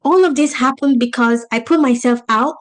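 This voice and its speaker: A woman's voice: high voice, moderate pace. A woman with a non-native English accent, teaching a business webinar in an emphatic, motivational style, asking the audience rhetorical questions. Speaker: business coach. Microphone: video call.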